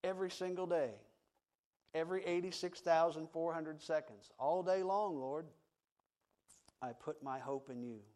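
A man preaching a sermon, swinging from loud emphatic passages to hushed, quiet tones. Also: a little high. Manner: slow, deliberate delivery. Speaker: pastor.

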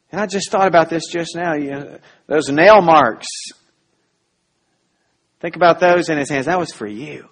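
A man preaching a sermon as pastor, earnest and full of restarts, rising to loud emphasis and dropping to soft, quiet lines. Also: a little high, moderate pace, long pauses.

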